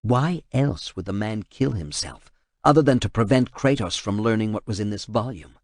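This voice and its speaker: A man reading an action novel aloud in steady, measured audiobook narration. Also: on the low side, no room sound.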